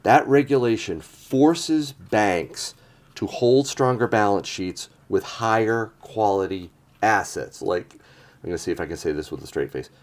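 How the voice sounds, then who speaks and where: An older man with a low voice hosts a casual talk about markets. He talks in an animated way, his pitch rising and falling a lot. His delivery is relaxed and conversational. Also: a little slow. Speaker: channel host. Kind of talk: casual chat and commentary.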